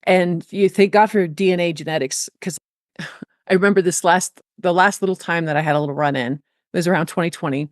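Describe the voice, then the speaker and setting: A woman's voice: lowish voice, steady tone, fairly quick, no room sound, clean studio sound. A woman guest on a podcast interview, a nutrition coach talking in a blunt, emphatic way with casual swearing.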